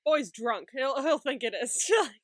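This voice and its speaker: In a high-pitched, animated voice, this podcast co-host joins a casual recap chat full of playful, joking reactions. The sound is studio quality with no echo.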